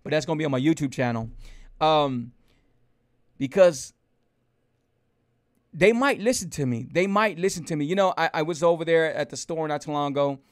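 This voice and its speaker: A man hosting a casual livestream, animated and preachy, hammering home rhetorical questions to his viewers. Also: a little high, normal speed, long pauses. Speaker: host of a health livestream.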